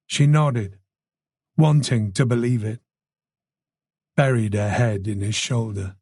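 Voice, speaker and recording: A man narrating a thriller audiobook in a taut, measured way. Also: mid-range voice, darkish tone, no echo, studio quality.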